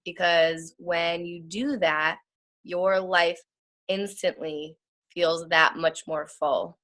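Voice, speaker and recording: A woman in a casual group discussion, calmly giving earnest advice. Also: fairly low pitch, slow. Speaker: discussion participant.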